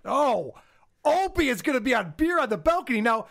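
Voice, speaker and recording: A man hosts a podcast in a very high voice. His pitch moves a lot as he banters and mocks someone. He sounds casual and laughs easily. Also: sing-song, normal speed, gravelly, fairly bright tone. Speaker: podcast host.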